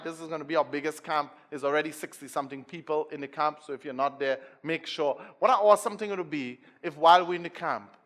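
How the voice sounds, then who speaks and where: A Trinidadian man preaching with a high, bright, ringing voice. He drops to near-whispers, then bursts into shouts, and mixes Scripture with jokes to the congregation. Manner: energetic, swings from hushed to shouting, joking with the crowd. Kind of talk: sermon.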